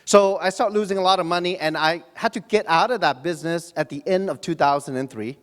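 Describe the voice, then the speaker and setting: A man's voice: on the high side, a little fast. A man in his forties from Hong Kong giving a joking motivational talk to an audience, asking them questions. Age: 40s. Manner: joking, asks the audience questions, frequent restarts and fillers. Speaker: motivational speaker at a business event. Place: large hall before an audience. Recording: reverberant hall.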